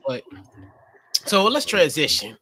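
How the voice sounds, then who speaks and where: A man hosting a podcast in casual chat, halting and repeating himself. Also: on the high side, sing-song, bright, forceful tone. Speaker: podcast host.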